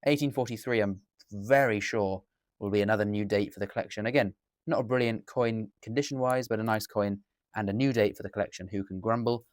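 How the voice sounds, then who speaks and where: English guy unboxing coins at a table, rambly, kinda low voice, dry sound. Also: a little fast, no room sound. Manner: chatty, rambling, self-correcting. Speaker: coin dealer and collector. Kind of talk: casual unboxing commentary. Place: indoors at a table.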